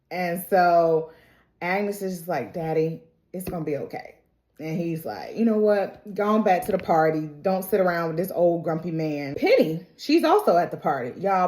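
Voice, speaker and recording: Lowish-voiced woman gossiping through a recap. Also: warm tone. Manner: chatty storytelling, acts out quotes; laughs often while talking. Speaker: TV recap vlogger. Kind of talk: casual episode recap and reaction.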